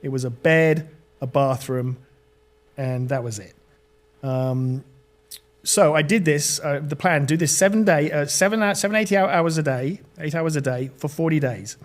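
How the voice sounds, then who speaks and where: British male guest, middle-aged, slightly higher voice, earnest testimony with stumbles. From Britain. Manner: earnest storytelling, halting restarts. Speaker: podcast guest. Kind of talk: personal testimony in an interview.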